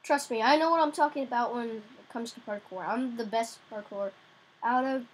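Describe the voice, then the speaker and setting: Brief: young female gamer, high and slightly husky, excitable commentary with yelps. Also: normal speed, low-quality recording. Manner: excitable, yelps and cries out in frustration. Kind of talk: casual gameplay commentary.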